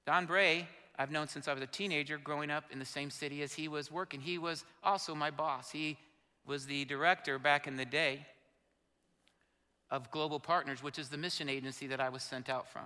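A man's voice: on the high side, pushed and bright. A man in his fifties, a pastor telling an emotional personal story in a sermon. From Indiana, USA. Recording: long hall reverb.

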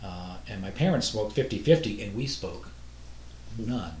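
A man's voice: fairly low pitch, moderate pace, slight background noise. A man telling family stories in casual conversation, laughing often. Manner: lively storyteller, laughs often. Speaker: guest musician. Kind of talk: casual chat. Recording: echoey room.

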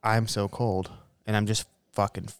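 Male podcast co-host, low resonant voice, loose profane storyteller. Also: a little slow, clean tone, dry recording. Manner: swearing, animated storyteller, laughs while talking. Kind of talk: casual storytelling chat.

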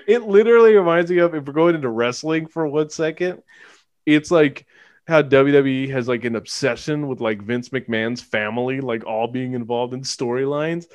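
A man co-hosting a casual movie-review chat, animated and sarcastic, laughing often as he talks. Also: medium pitch, normal speed, smooth, dry recording. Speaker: podcast co-host.

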